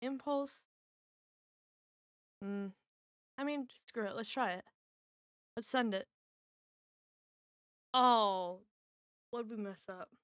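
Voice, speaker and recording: A woman speaks slowly with frequent pauses in a fairly high, bright, clear and resonant voice, recorded studio-clean without echo. Chatting casually on a stream at home, she thinks out loud over word-puzzle guesses and teases those around her.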